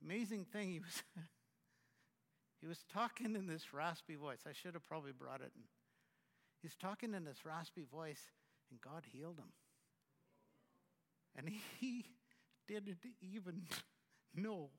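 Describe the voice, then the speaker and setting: A man with a high, bright voice delivers a sermon as the pastor. He speaks in a conversational way with frequent restarts, rising loud and then dropping to a hush. His voice carries through a hall with a long reverb. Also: expressive. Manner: conversational, halting restarts, swings from loud to hushed.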